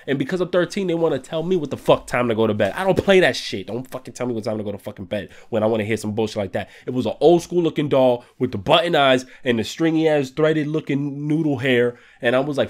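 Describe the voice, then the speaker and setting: A young man hosting his channel, telling a story in a casual, animated way full of swearing. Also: medium pitch, fast talker. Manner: profane, animated, heavy swearing. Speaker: channel host.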